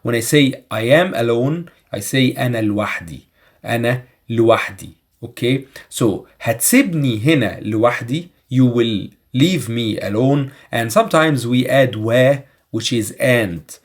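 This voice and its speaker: Guy teaching phrases from a movie, native egyptian arabic speaker, says each line slow and repeats it. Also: medium pitch. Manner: slow careful repetition. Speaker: language teacher. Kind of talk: explaining film phrases.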